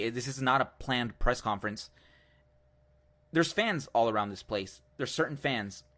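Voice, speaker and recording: A man hosting his own show, ranting hard about a video he just played. He talks in a heated, profane rush, at an ordinary pitch for a man. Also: a bit bright. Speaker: show host. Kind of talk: ranting commentary on a video clip.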